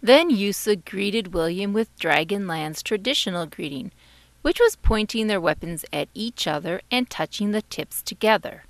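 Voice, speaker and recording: A woman, the author, narrating her children's storybook in a gentle, expressive way. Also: mid-range voice, moderate pace, gravelly, no room sound. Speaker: author reading her book. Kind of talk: audiobook narration.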